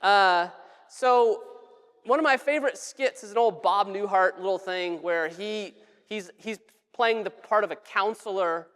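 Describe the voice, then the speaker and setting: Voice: mid-range voice, unhurried, fairly bright tone, clear, resonant tone. A pastor giving a conversational sermon in a church sanctuary, casual and joking, with frequent restarts. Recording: long church reverb.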